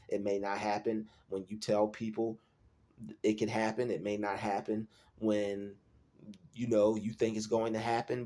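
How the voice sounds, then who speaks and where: Male host, lowish voice, earnest solo motivational talk that repeats points to drive them home. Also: darkish tone. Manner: earnest, repetitive, restates lines for emphasis.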